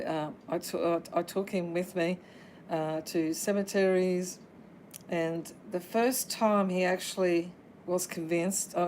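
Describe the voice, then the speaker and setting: Halting woman hosting a livestream. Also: lowish voice, a little mellow, slight background noise, poor audio. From Australia. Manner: halting, full of ums and uhs. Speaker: paranormal livestream host. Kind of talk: casual livestream chat addressing spirits.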